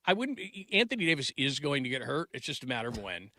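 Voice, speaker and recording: Bright, rambling sports talk host man. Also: mid-range voice, big pitch swings, quick pace, dry recording, clean studio sound. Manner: rambling, restarts sentences, trails off mid-thought; gets loud and laughing when telling family stories.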